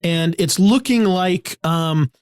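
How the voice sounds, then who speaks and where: A man's voice: high voice, slow, clear, resonant tone, no echo. Hesitant man, dry close mic. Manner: hesitant, many fillers and restarts. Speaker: podcast co-host. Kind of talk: improv comedy scene.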